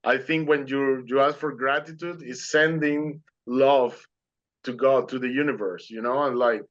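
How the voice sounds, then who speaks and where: A man's voice: mid-range voice, steady tone, a little slow, fairly bright tone, highs cut off. A man speaking as an interview guest, telling his story earnestly and animatedly in non-native English phrasing over a video call.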